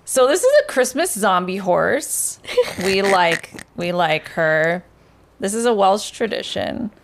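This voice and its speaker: Female podcast co-host, mid pitch; playful, joking storyteller with casual swearing. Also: expressive, slow, gravelly. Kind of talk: casual chat.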